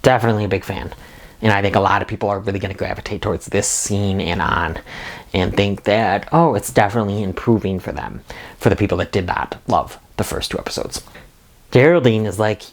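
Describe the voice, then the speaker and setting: A video reviewer and host with a fairly low, fairly quick voice runs a casual spoiler recap and review. He's eagerly enthusiastic and rambles, dropping "like" again and again.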